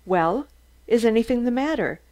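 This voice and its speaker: A woman's voice: fairly high pitch, expressive, moderate pace, darkish tone, pitched above the performer's own voice, natural voice. A woman doing a curt police commissioner. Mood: demanding. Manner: curt, demanding. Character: brisk impatient male police commissioner.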